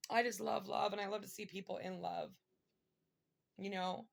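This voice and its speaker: A woman's voice: mid-range voice, steady tone, moderate pace, vocal fry. A woman giving a casual tarot reading to her viewers, emotional and rambling with many fillers. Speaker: tarot reader.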